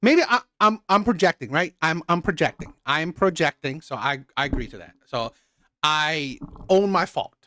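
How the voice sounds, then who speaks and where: Man, ranting reaction host, profane and heated, lively pitch, dry close sound. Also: moderate pace, dry recording.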